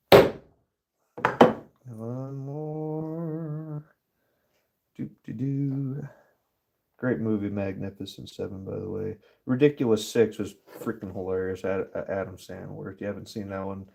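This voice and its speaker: A man talks through a relaxed live stream from his workshop, drifting between topics while he stamps metal. His voice sits fairly low with a soft, warm tone. He swears freely and breaks into easy laughs. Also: measured pace, creaky, long pauses. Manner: rambling, swears often, laughs easily. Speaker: livestream host. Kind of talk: casual live stream chat.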